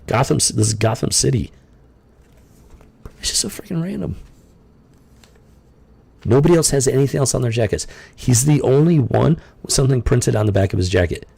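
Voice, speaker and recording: A man's voice: medium pitch, gravelly, mellow, breathy edge. A man hosting a live stream, commenting casually and rambling with lots of fillers and incredulous asides. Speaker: podcast host.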